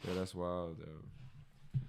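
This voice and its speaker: A young man co-hosting a podcast, chiming in with quick, profane, joking remarks in casual chat. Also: low voice, little pitch movement, gravelly, background noise. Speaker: podcast co-host.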